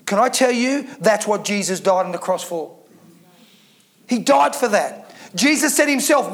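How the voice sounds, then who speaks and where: Preaching a sermon from the pulpit, a man with a very high, fairly bright voice uses lively intonation at a measured pace. He stresses his points, repeats key words, and throws rhetorical questions at the congregation.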